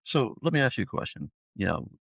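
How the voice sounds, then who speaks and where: A man hosting a podcast, asking questions in a relaxed, hesitant way. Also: medium pitch, fast, vocal fry, breathy edge, dry recording, studio quality. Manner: relaxed, hesitant, lots of "you know". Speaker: podcast host. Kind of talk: casual interview chat.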